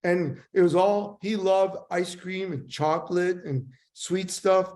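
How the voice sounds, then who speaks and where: An older man, a sales trainer, telling casual stories in a rambling, animated way. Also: sits high, slow pace. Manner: animated, rambling anecdotes with voice impressions. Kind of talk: casual storytelling.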